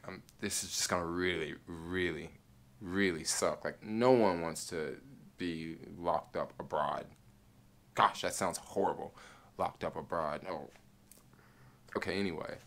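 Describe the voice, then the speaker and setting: A man vlogger telling a travel story in a casual way, full of fillers and acting out the lines of others. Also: low-pitched. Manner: animated, many fillers, acts out soldiers' lines.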